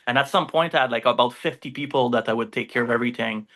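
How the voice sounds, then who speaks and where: Man, French accent, bright sharp voice, podcast guest, rambling casual talk, lots of fillers. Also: mid-range voice, fast. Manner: rambling, many fillers and tag questions. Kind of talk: casual interview storytelling.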